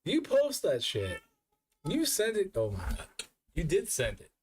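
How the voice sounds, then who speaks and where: A man's voice: on the high side, huge pitch swings, measured pace, darkish tone, slight background noise. A man streaming as a VTuber, drunk and hiccuping, talking in a rambling, profane, self-mocking way. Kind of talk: casual live-stream chat.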